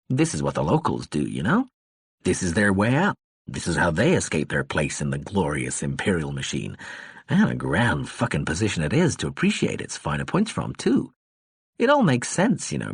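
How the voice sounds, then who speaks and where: A man's voice: sits low, slightly rough, no room sound, clean studio sound, heavily acted. A man voicing a drunken male ambassador who rambles in a slurred, meandering way, sardonic and weary.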